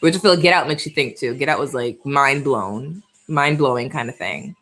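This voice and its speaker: Here a Bronx woman in her twenties, lightly New York accented, hosts a chatty live stream full of laughter and viewer comments. Her voice rumbles low yet sounds a bit bright, moving at a moderate pace.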